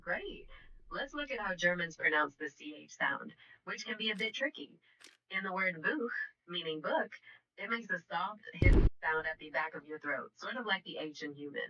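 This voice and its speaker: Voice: medium pitch, animated, moderate pace, pushed and bright, far from the mic, muffled recording, a little hiss or hum. A text-to-speech assistant voice coaching a player through pronunciation, cheerful, patient and encouraging. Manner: upbeat, encouraging, patient teacher. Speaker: AI voice assistant co-host. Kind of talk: language tutoring chat.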